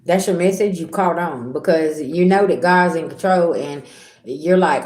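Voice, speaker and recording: A woman's voice: low-pitched, moderate pace, darkish tone, echoey room. A middle-aged woman giving a casual tarot reading, blunt and repetitive, talking straight to her viewers. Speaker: tarot reader.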